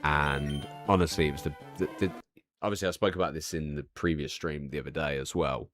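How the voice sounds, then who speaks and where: A man's voice: extremely low pitch, steady tone, fairly quick, music in the background. A man in his thirties chatting casually on a live stream, telling a candid, profane, rambling story full of restarts.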